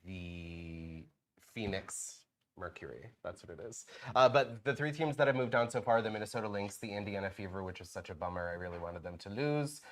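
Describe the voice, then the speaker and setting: A man's voice: on the low side, moderate pace. A man co-hosting a casual morning show, chatty and rambling with lots of fillers. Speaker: co-host.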